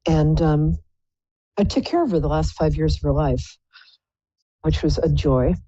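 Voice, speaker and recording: A woman's voice: deep voice, unhurried, mellow, no echo, lo-fi sound. A woman hosting a live psychic call-in show, chatting in a playful, rambling, self-mocking way. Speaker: psychic radio show host.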